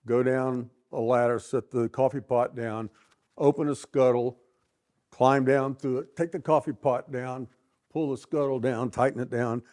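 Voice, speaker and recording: A man, a Navy veteran, telling a story in a steady, matter-of-fact way in an interview. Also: medium pitch, a little slow.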